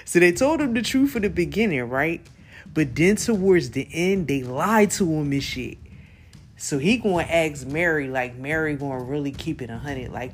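A man's voice: fairly high pitch, animated, moderate pace, a little hiss or hum. A man hosting a podcast, recapping a TV episode in a casual, slangy, profane way, laughing often and acting out his own reactions. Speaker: podcast host.

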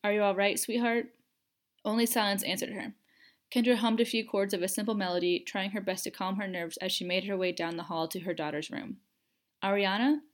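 A woman narrating a fan fiction audiobook at a mid pitch, measured and expressive. She reads with steady storytelling care, letting tension build through her delivery.

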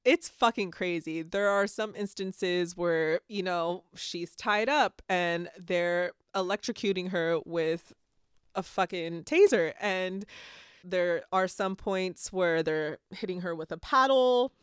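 A woman's voice: lowish voice, takes it slowly, smooth, no room sound, clean studio sound. A woman hosting a casual podcast, swearing freely and giggling as she talks about and reads from a book. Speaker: podcast host. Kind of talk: casual chat and book reading.

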